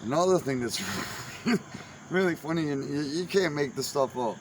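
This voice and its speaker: This man's voice runs a little high, and he speaks animatedly at a normal speed while chuckling his way through rambling, funny stories about his family. The casual monologue is recorded against background noise.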